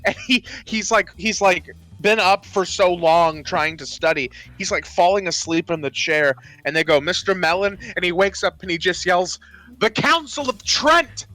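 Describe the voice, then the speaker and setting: A man's voice: high-pitched, normal speed, few pauses, fairly bright tone, no echo, faint music behind. A man co-hosting a podcast, retelling film scenes in casual chat and often laughing. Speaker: podcast co-host.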